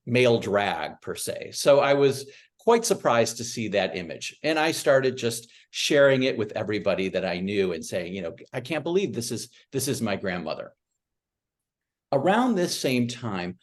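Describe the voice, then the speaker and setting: A middle-aged man from Michigan speaks over a video call, giving a relaxed talk about his book. His voice sits at an ordinary middle pitch, and his delivery is chatty and storytelling, full of small "uh" fillers. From Michigan, USA. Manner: conversational storytelling with frequent "uh" fillers.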